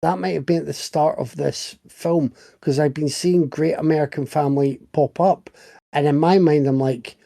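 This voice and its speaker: A man's voice: a little high, fairly even intonation, moderate pace, vocal fry, dark tone. A middle-aged man co-hosting a podcast, telling stories in a wry, chatty way. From Britain. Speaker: podcast co-host. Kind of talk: casual chat.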